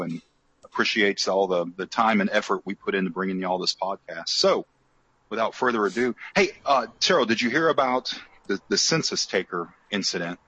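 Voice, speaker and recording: A man's voice: lowish voice, a bit bright, slightly rough, poor audio. A man co-hosting a podcast in casual chat, joking and telling stories. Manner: joking, chatty, storytelling. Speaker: podcast co-host.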